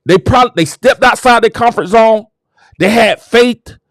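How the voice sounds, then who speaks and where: A man's voice: very high voice, normal speed, dry recording, studio quality. A man hosting his own show, talking in a casual motivational monologue that turns preachy and exclamatory as he hypes himself up. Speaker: show host.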